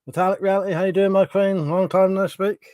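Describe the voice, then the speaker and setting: A man chats through a live stream in a fairly high voice. He swears freely, laughs a lot and sounds a little stuffy from a runny nose. The sound is dry and close, with no room echo. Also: little pitch movement, brisk, a little mellow. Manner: chatty, sweary, laughs often. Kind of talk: casual live stream chat.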